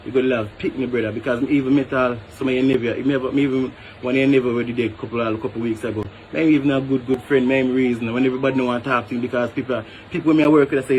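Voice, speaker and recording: A man's voice: medium pitch, steady tone, rapid-fire, hardly any pauses, darkish tone, slight background noise. A man with a Jamaican accent, a hotel worker venting emphatically and tagging phrases with "brother". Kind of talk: venting to camera.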